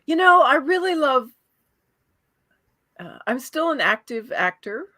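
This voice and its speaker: Brief: woman voice actor as guest, animated pitch, unhurried delivery, dry close sound. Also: no room sound. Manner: animated, quick to laugh and affirm. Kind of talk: casual interview chat.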